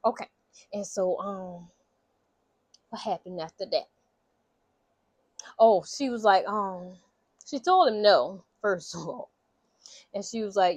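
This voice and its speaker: Chatty woman vlogger, profane and lively, bright-pitched, dry mic. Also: a little slow, pauses often, no echo. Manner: animated, chatty, profane, laughing. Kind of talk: casual movie recap.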